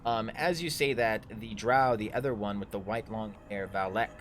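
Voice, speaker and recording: A man narrating a tabletop game livestream as dungeon master, improvising in a halting way. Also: on the low side.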